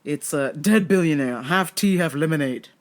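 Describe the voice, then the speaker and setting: A podcast host ranting casually about fights, swearing a lot and getting heated and excitable. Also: moderate pace. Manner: wide, jumpy pitch swings when worked up. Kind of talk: casual solo rant podcast.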